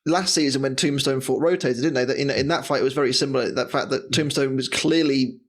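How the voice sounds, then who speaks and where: A man hosting a podcast in casual chat, animated and laughing as he talks. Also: mid-range voice, fast. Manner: animated, laughs while talking. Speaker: podcast host.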